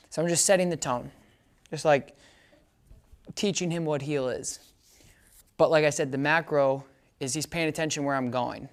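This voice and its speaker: A woman's voice: low voice, normal speed, long pauses. A woman dog trainer giving a hands-on lesson in a casual, chatty way, often checking that her listener follows and breaking into short upbeat praise commands for the dog. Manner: casual explainer, keeps checking "does that make sense?".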